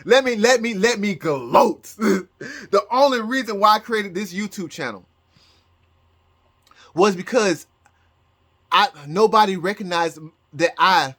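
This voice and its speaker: Bright rambling man, laughing vlogger. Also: high voice, a little slow, long pauses. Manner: rambling, laughing fits, repeated restarts. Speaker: psychic YouTuber. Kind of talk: casual vlog commentary.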